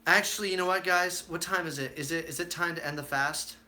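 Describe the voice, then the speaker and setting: A man's voice: a little high, a little fast, bright, forceful tone. A man hosting his own live stream, chatting casually and telling stories with plenty of fillers and acted-out quotes.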